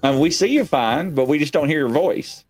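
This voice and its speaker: A man's voice: on the high side, animated, moderate pace, soft background music. Rambling, joking male stream host. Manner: rambling, joking, self-mocking. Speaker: livestream talk show host. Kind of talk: casual live chat. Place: home stream set.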